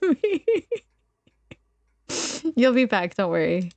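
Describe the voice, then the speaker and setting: A woman's voice: mid-range voice, animated, unhurried, gravelly, long pauses, a little mellow, dry recording. A woman streaming a game, chatting casually with her viewers in a teasing, giggly way and reading the game's text aloud. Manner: teasing, giggly banter with chat.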